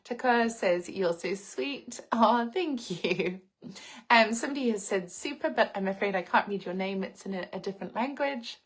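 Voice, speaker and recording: A woman's voice: medium pitch, expressive, normal speed, low-quality recording. A woman from the UK hosting a live stream, reading out viewer comments and talking in an earnest, heartfelt, reflective way. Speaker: livestream host.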